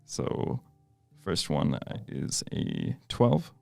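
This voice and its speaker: A man at a tabletop game who talks in halting bursts, full of fillers. His voice is very deep and gravelly, yet his pitch swings a lot. The sound is dry and close. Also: wildly swooping pitch, no room sound, faint music behind. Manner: hesitant, many fillers. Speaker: player. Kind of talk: casual tabletop game play.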